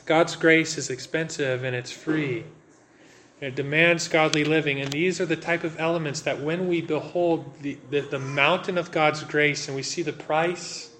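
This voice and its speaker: A man, preaching a sermon in an earnest, conversational way with dramatic pauses. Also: fairly high pitch, a bit bright, slight background noise. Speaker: pastor.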